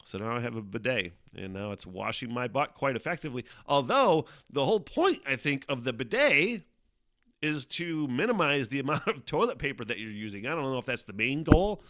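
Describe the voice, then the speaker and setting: A man's voice: medium pitch, lively intonation, fairly quick, a bit bright, dry recording, clean studio sound. A man hosting his own podcast, chatting casually and profanely, laughing often as he tells a story. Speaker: podcast host. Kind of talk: casual solo chat.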